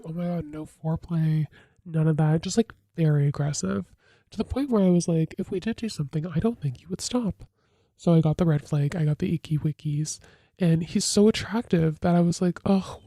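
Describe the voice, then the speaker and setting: A young woman hosting a podcast, telling a casual confessional story in a chatty, filler-heavy way with sudden dramatic jumps in pitch. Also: warm tone, dry recording. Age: young adult. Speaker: podcast host.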